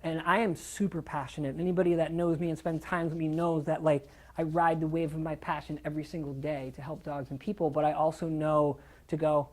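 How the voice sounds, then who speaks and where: A middle-aged man, a dog trainer, giving a casual, animated seminar talk, acting out quoted voices and swearing now and then for emphasis. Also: fairly high pitch, a little fast.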